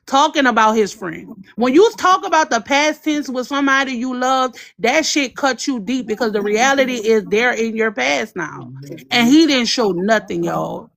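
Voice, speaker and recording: A woman's voice: sits high, fairly bright tone. A woman, hosting a livestream and talking in a blunt, impassioned, profane way. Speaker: livestream host. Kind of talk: emotional livestream commentary.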